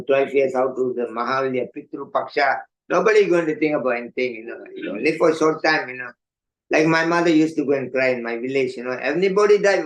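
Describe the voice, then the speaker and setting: Older guy monk telling stories at evening class, animated, acts out the voices, keeps saying you know. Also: mid-range voice, dull audio. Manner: animated storyteller, acts out voices, laughs often, many "you know" fillers. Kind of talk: storytelling sermon.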